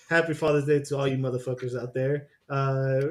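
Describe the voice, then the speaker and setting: A man's voice: medium pitch, steady tone, moderate pace. A man hosting a casual sports podcast, joking and bantering with his co-hosts. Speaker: podcast host.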